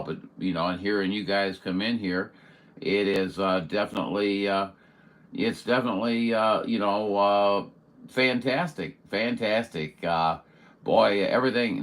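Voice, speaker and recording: A man's voice: low-pitched, a bit bright. A man hosting a CB radio session, chatting in a rambling, friendly way with lots of fillers and radio jargon. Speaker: CB radio operator and show host. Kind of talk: casual radio chat.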